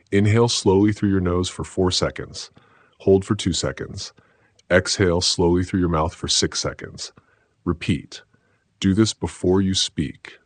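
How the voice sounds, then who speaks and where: A man giving scripted self-help narration in a slow, measured, declarative way. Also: low-pitched, no echo.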